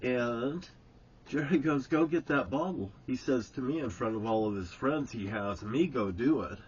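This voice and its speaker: A man's voice: mid-range voice, measured pace, slight background noise. Rambling chatty man, dull lo-fi sound. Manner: meandering, chatty, full of asides and restarts. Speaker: vlogger. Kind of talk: casual rambling storytelling. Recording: dull lo-fi sound with faint ambience.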